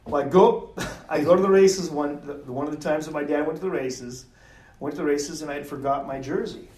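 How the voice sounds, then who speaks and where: Middle-aged male guest, lively storyteller, slightly raised pitch, roomy distant recording. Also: brisk. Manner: animated storyteller, acts out quotes, laughs often. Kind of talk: storytelling in a podcast interview. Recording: roomy sound from off mic.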